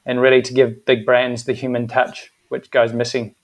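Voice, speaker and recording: Flat-voiced man with a New Zealand accent. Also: medium pitch. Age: middle-aged. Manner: even, measured, with frequent ums. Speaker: guest, agency managing director. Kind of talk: casual interview talk.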